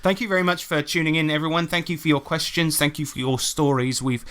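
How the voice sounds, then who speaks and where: A man's voice: on the high side, fast talker. A man hosting a casual podcast, who swears freely and tells stories with animation. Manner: profane, animated storytelling. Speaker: podcast host.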